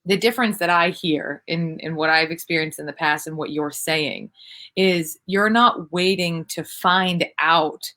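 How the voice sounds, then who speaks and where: A woman's voice: sits low, measured pace, pushed and bright. A woman hosting a podcast interview, thinking aloud as she sums up what her guest has said. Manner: reflective, thinks aloud while summing up the guest's point. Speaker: podcast host. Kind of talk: conversational interview.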